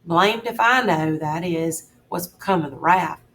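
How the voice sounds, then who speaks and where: Woman reading as a drawling threatening con man, kinda low, slow and bossy. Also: a bit bright. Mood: scheming. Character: middle-aged male con man, scheming and threatening.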